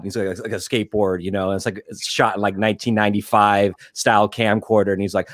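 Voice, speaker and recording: A man's voice: fairly low pitch, quick pace, dry recording, studio quality. A man on a podcast reflecting on a film's scenes and humor in casual chat. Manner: reflective, analyzing film scenes. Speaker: podcast guest.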